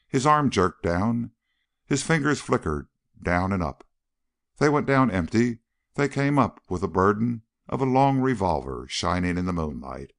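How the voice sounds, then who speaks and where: A deep-voiced man narrates a Western novel for an audiobook. His delivery is dramatic, and his pitch swings widely as he tells the story. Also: creaky.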